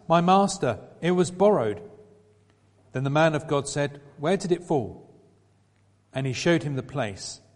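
A man reading a scripture passage aloud in a measured way, lifting his voice a little for quoted speech. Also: on the high side, a little mellow. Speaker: scripture reader. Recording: long reverberant hall.

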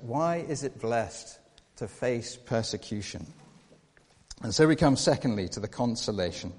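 A man preaching a sermon, earnest, with repeated rhetorical questions and shifts between hushed and emphatic delivery. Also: medium pitch, animated, moderate pace. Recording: long reverb of a large hall.

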